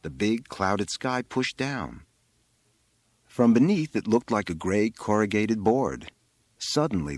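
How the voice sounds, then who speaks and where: Brief: male audiobook reader, low voice with a wide, dramatic pitch range, dry studio sound. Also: husky, dry recording. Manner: expressive, dramatic phrasing. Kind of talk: literary audiobook narration.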